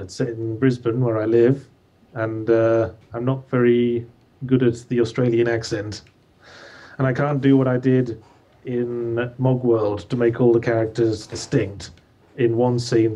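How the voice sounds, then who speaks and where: A man's voice: medium pitch, warm tone, muffled recording. A man calling in as a guest author, chatting casually with dry, wry humor. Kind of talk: casual chat.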